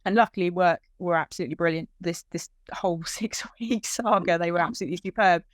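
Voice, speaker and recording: A woman's voice: lowish voice, quick pace, no echo, studio quality. Woman retelling an emotional story. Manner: animated retelling with quoted dialogue, voice lifting when moved. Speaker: dog owner telling her story.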